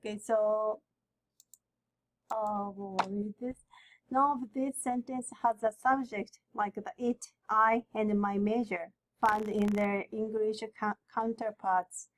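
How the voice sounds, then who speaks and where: A woman with a Japanese accent, a native Japanese speaker, teaching a beginner language lesson and repeating each word slowly and carefully. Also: medium pitch, steady tone, rough recording. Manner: slow and careful, repeating words for the learner.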